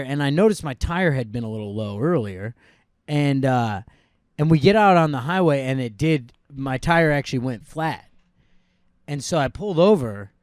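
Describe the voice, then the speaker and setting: A man from New York co-hosts a casual podcast, telling stories and voicing the people in them. His voice sits a little high and moves a lot in pitch. The sound is dry and close. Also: no echo. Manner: animated storytelling, acts out quotes. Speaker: podcast co-host. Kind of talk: casual chat.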